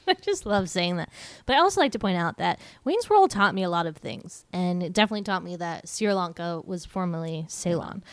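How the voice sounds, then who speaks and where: A woman's voice: lowish voice, animated, fairly quick, dry recording. A woman co-hosting a podcast, chatting casually and playfully retelling scenes from a film. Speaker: podcast co-host. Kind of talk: casual chat about a film.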